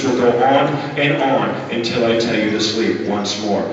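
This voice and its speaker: A man working as a stage hypnotist, giving slow, deliberate suggestions with repeated phrases during a live show in a school auditorium. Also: medium pitch, steady tone, noisy background. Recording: distant, echoey, dull hall recording.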